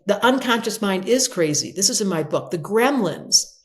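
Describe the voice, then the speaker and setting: An older woman, an astrologer guest in an interview, telling stories expressively and acting out quotes in brighter voices. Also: mid-range voice, animated, moderate pace. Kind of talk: animated interview storytelling.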